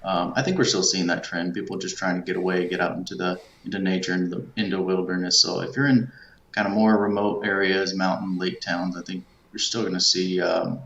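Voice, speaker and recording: A man's voice: low-pitched, level tone, fairly quick, creaky, fairly bright tone. A man joining a casual business podcast as a panelist, talking in an easygoing, agreeable way. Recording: dull, distant, roomy with hum.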